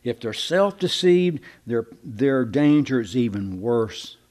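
A man's voice: mid-range voice, animated, slow pace, darkish tone. A man preaching a sermon in a folksy, conversational way, often repeating and restarting his words.

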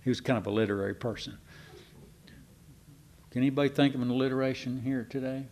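A man giving a folksy, digressive Bible teaching to a congregation, slowing down to stress key words. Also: medium pitch, a little mellow. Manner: folksy and digressive, slows down for emphasis. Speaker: preacher.

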